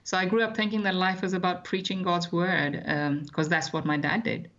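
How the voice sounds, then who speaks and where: A man, recounting his childhood as an interview guest in a measured, thoughtful way with frequent hesitations. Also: high voice, flat delivery, fairly bright tone, dull audio. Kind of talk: reflective personal storytelling.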